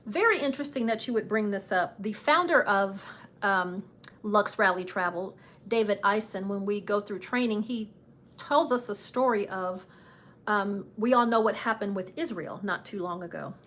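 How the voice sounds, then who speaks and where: A woman's voice: mid-range voice, normal speed, fairly bright tone. A woman hosting a travel channel live stream, chatting casually and enthusiastically with frequent fillers while seated in front of the camera. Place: indoors, seated before the camera.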